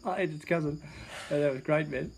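Fast-talking gravelly man, teasing. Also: a little high, a little hiss or hum, poor audio. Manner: teasing, joking banter, calls his co-host man. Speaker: podcast co-host. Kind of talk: casual chat.

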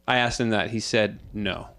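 A man's voice: lowish voice, a little slow, bright, forceful tone. A man co-hosting a casual podcast chat, telling stories in a dry, joking way. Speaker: podcast co-host.

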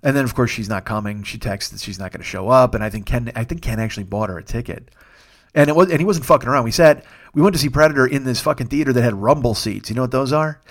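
A comedian telling a rambling, profane story in a casual podcast monologue, acting out what others said. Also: male voice, medium pitch, fast. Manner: rambling, profane, acts out quotes. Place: Los Angeles.

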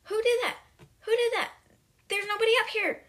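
A woman voicing a furious bullying headmistress who shouts insults in a high, loud voice. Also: expressive, moderate pace, slightly rough, heavily acted.

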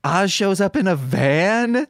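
Animated storytelling man, podcast co-host. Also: sits high, takes it slowly, a little hiss or hum. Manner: rambling, animated storytelling with quoted dialogue. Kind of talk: casual chat.

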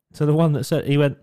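A man co-hosting a casual podcast, telling club door stories in a sweary, joking way and acting out the voices in them. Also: medium pitch. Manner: sweary storytelling, animated quotes. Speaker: podcast co-host. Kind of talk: casual chat.

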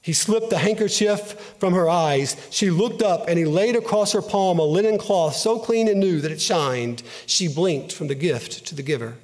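A man giving an earnest, emotive dramatic reading of a story, in a measured way. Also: high-pitched, darkish tone. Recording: long hall reverb.

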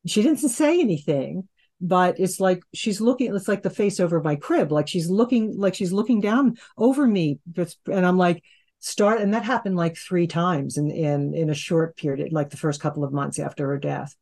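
A woman's voice: fairly low pitch, moderate pace, darkish tone. Rambling woman telling a personal story. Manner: rambling, with restarts and "you know". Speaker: guest hypnotherapist. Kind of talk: casual conversational storytelling.

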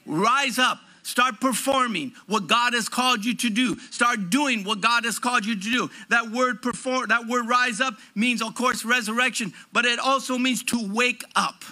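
A man's voice: very high-pitched, normal speed, few pauses, sharp tone. A man preaching a sermon to his congregation, fervent and declaring, stretching out emphatic phrases.

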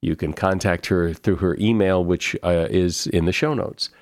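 Low-voiced man hosting an interview. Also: fairly even intonation, normal speed, a little mellow, no echo, clean studio sound. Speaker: podcast host. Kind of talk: interview conversation.

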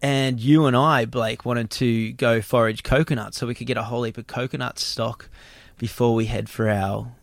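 A man's voice: medium pitch, steady tone, normal speed, vocal fry, hardly any pauses, no echo. A young man hosting a podcast, telling a travel story in a rambling way and often repeating words. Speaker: podcast host. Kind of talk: casual storytelling chat.

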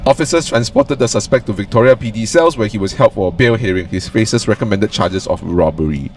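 A man's voice: fairly low pitch, brisk, darkish tone, slight background noise. A man co-hosting a casual podcast, reading a news story aloud with sarcastic asides and frequent laughter. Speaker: podcast co-host. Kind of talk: casual chat.

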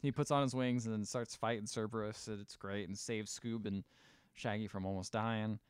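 A man's voice: steady tone, moderate pace, smooth, no echo. A man co-hosting a podcast, recapping a film in casual chat, rambling and joking, dry close mic. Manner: rambling, jokey, acts out lines in high silly voices. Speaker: podcast co-host.

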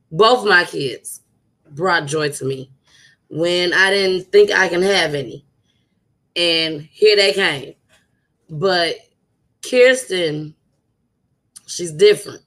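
A young woman talks casually to her podcast listeners, heartfelt and chatty, circling back over her words for emphasis. Her voice is bright and forward, and she takes her time, drawing out phrases at an unhurried pace. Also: lowish voice. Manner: chatty, repetitive, heartfelt, uses dialect. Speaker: podcast host. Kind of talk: casual chat.

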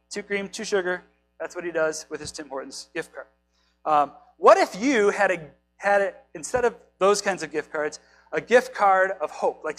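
Chatty high-voiced male pastor. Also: a bit bright, low-quality recording. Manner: chatty, self-deprecating, asks the listeners questions. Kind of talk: casual sermon.

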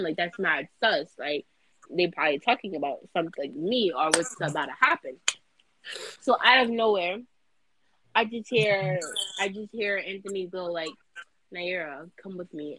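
A woman's voice: lowish voice, a bit bright, slight background noise, rough recording. A young woman co-hosting a casual podcast, telling a story in a rambling way, stumbling and repeating her words. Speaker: podcast co-host.

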